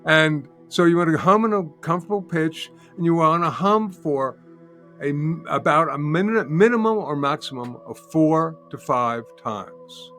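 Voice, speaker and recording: An older man teaching as a guest in an interview, calmly explaining and demonstrating a humming practice step by step. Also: fairly high pitch, normal speed, soft background music. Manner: calm, patient, repeats steps and demonstrates by humming. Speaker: sound healing teacher, guest. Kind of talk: guided instruction in an interview.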